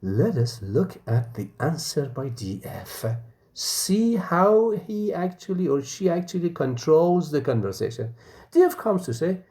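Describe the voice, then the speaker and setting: A man's voice: on the high side, big pitch swings, a little slow, warm tone. A man lecturing, explaining a conversation and checking in with "okay?" after nearly every point. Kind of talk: university lecture.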